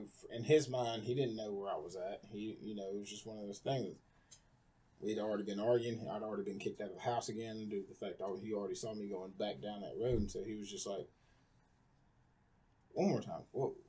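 A man's voice: lowish voice, dark tone, slightly rough. A man candidly telling his personal story in a conversation, rambling with lots of fillers. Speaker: guest.

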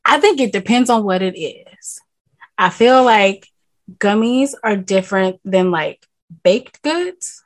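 Podcast co-host, woman, medium voice, relaxed meandering storyteller. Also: medium pitch, slow. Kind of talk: casual chat.

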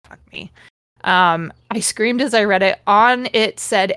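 A woman's voice: mid-range voice, a little slow, a bit bright, clean tone, no echo, studio quality. A woman podcast host giving a comedic reading, breaking off with sarcastic, profane jabs at the text. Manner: sarcastic, swears freely, mocks the text. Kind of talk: comedic dramatic reading with commentary.

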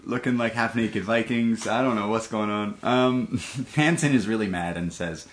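A man's voice: fairly low pitch, normal speed, hardly any pauses, slight background noise. A man co-hosting a podcast, chatting casually and retelling events with frequent laughter. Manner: laughs often, lively storytelling. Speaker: podcast co-host. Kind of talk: casual chat recapping wrestling.

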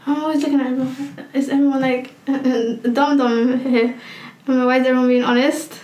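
A young woman talks on a podcast, pausing and searching for words as she goes. Her voice is a little high, and she sounds like she's in an echoey room. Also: level tone, a little mellow. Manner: hesitant, halting, many "um" fillers. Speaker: podcast co-host. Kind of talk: casual podcast chat.

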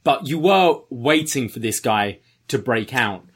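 Man, husky voice, casual podcast chat, mid pitch, recounting old matches. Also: lively intonation, a little slow. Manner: conversational, recounting wrestling history. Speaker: podcast co-host.

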